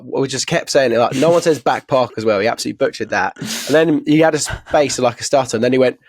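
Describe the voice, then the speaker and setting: Young guy, quick banter, lowish voice, dry close mic. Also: no room sound. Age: young adult. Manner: fast, laughing banter. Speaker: podcast co-host. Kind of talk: casual football podcast chat.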